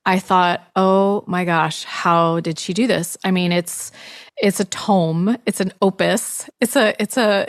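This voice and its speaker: A woman's voice: lowish voice, fairly even intonation, takes it slowly, dry recording, studio quality. Effusive woman podcast host. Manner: enthusiastic, effusive. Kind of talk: podcast interview.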